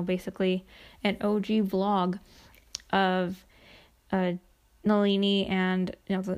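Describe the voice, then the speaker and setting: Recapping a TV show episode, a young woman chats away and gushes, leaning heavily on "like." Her mid-range voice is a little mellow, and the tone is clean.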